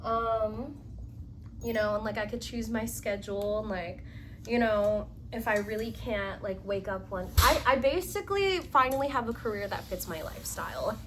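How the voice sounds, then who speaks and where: A woman's voice: a little high, normal speed, noisy background. A young woman vlogging casually at home, rambling and giddy, with lots of fillers and squeals while she builds furniture. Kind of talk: casual storytime chat. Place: home room, indoors.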